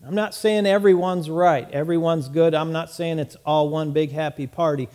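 A man preaching in a small church, his voice sitting a little high for a man. He talks earnestly and often doubles back on his words. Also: steady tone, normal speed, darkish tone. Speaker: pastor. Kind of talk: sermon.

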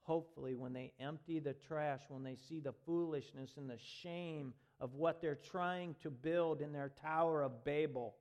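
A man preaching a sermon as pastor, reading scripture aloud and building to forceful, dramatic emphasis. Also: fairly high pitch, fairly even intonation, normal speed, hardly any pauses.

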